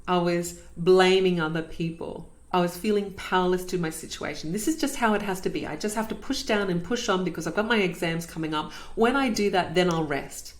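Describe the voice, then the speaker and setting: A woman's voice: lowish voice, a little fast, hardly any pauses. A woman, host of a podcast, telling her own story in an earnest, reflective way and repeating phrases for emphasis. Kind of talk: personal storytelling.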